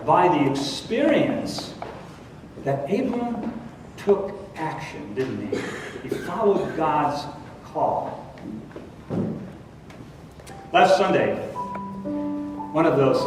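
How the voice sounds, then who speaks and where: Man preaching, lively and playful, higher voice, echoey hall, distant mic. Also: slow, pauses often, music in the background. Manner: animated, playful, asks the congregation questions. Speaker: pastor. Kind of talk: sermon. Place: church sanctuary. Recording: echoey church hall from far off, noisy.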